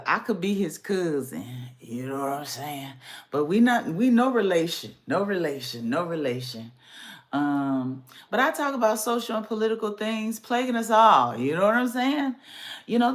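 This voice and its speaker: A woman hosting her podcast with sassy, animated casual commentary, talking straight to her audience. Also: on the high side. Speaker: podcast host.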